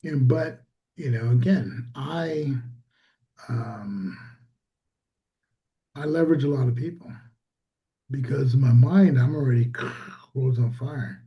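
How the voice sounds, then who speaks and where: A man's voice: medium pitch, takes it slowly, long pauses, lo-fi sound. A man, a small business owner, telling a story in casual conversation and acting out quoted dialogue.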